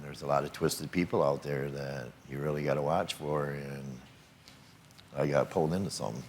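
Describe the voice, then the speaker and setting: Older male talk show guest, extremely deep voice, hesitant and halting. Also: slight background noise. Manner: halting, hesitant, with many fillers.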